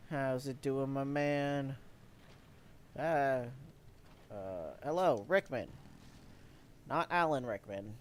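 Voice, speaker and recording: A man's voice: medium pitch, slow pace, long pauses, a little hiss or hum. A man streaming a game, making playful, goofy asides. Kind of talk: casual let's-play commentary.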